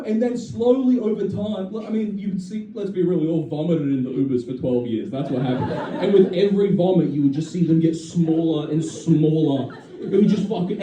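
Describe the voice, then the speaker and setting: Brash young Aussie comic, high and lively, live set caught from far back in a noisy, echoey room. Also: male voice, moderate pace. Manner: brash, profane, laughs at his own jokes. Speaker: stand-up comedian. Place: comedy venue with a live audience. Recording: distant, echoey audience recording with crowd laughter.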